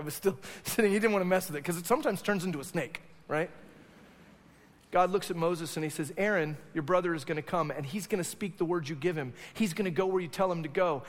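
High-voiced animated male preacher. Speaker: pastor. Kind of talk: sermon. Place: church sanctuary. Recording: long hall reverb.

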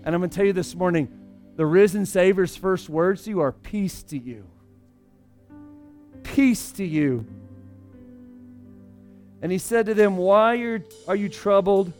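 High-voiced male pastor, casual sermon delivery, big dynamic swings, soft music underneath. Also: fairly even intonation, fairly quick. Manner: conversational, swings between loud emphasis and hushed asides.

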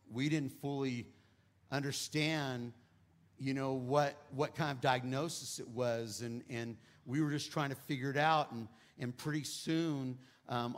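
A man in his fifties preaching a sermon to a church, telling a personal family story, swelling loud on key lines and dropping soft and low on sad parts. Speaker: guest preacher. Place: church sanctuary.

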